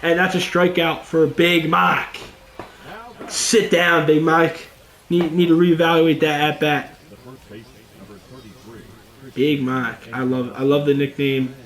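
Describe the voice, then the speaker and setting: A young man giving casual let's-play commentary on a baseball video game, excitable and chatty, talking to his viewers as "boys". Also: fairly high pitch, takes it slowly, long pauses, echoey room. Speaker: gaming YouTuber.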